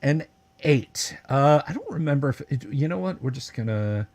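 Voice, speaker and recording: A man narrating as game master of a tabletop game on an online stream, casual and halting with many filler words. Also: fairly high pitch, animated, darkish tone. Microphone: video call.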